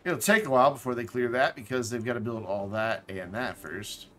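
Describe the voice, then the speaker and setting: A man's voice: mid-range voice, a little fast, fairly bright tone. A man casually commenting while playing a game on a live stream, thinking aloud, correcting himself and dropping jokey asides.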